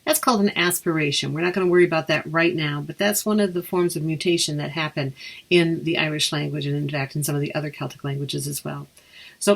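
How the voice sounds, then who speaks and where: A woman teaching a beginner language lesson, patiently slowing down to repeat phrases. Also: low-pitched, expressive, creaky, husky.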